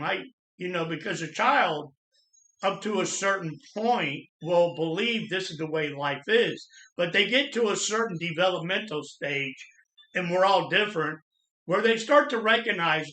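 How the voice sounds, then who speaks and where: Earnest man telling his story, bright voice. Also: high-pitched, expressive. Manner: earnest, plain-spoken, halting with restarts. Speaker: channel host sharing personal trauma story. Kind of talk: personal storytelling monologue. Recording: echoey room.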